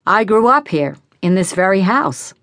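A woman's voice: medium pitch, lively intonation, normal speed, fairly bright tone, no room sound. Lady narrator doing a goofy middle-aged dad, over the top, dry close sound. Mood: warm. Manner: fake Cockney put-on, jokey.

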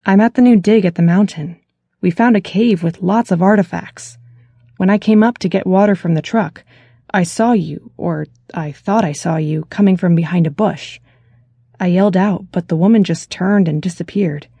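A man's voice: high-pitched, normal speed, creaky, warm tone, slightly rough, dry recording, exaggerated voice. A woman narrator voicing a worried young man who is calling his sister from abroad, speaking urgently and earnestly in an audiobook. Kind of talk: audiobook character voice.

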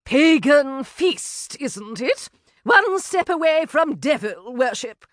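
A woman's voice: high-pitched, big pitch swings, takes it slowly, no echo, clean studio sound, voice pushed up, heavily acted. A woman voicing a snobbish, peevish aristocratic sister-in-law who talks in a haughty, disapproving way. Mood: disdainful.

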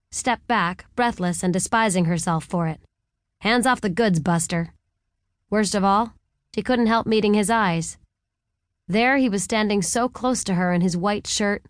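A woman narrating a romance novel in a wry, even storytelling manner on a close studio mic. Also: medium pitch, dry recording. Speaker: audiobook narrator. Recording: dry close audiobook studio.

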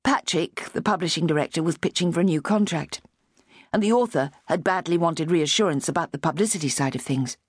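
A woman narrating an audiobook of a novel in an expressive, lively way. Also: low voice, brisk, breathy edge, no room sound, clean studio sound.

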